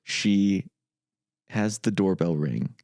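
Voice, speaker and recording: A man co-hosting a horror podcast, recounting scenes in a relaxed, casual way with laughs. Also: low-pitched, slow, no echo, studio quality. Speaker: podcast co-host. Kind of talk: casual chat.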